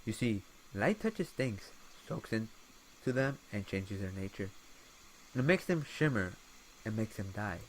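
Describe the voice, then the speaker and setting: A man's voice: on the low side, sing-song, measured pace, slight background noise, poor audio. A man voicing an eccentric male artist committed to an asylum, musing dreamily in an attempted British accent. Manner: musing, dreamy, softly intense.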